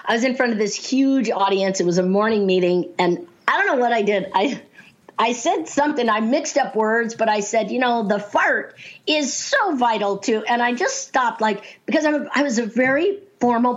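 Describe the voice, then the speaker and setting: A woman speaking coach telling stories in casual talk, lively and laughing often as she acts out the voices she quotes. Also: medium pitch. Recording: dull lo-fi sound.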